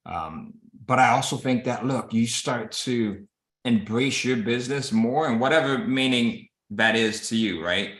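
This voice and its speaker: A man's voice: medium pitch, a little slow, fairly bright tone. Host, male, casual motivational chat over a call, recorded with roomy echo. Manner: coaching tone, acts out quoted voices, says "right?" often. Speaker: host of a publishing business call.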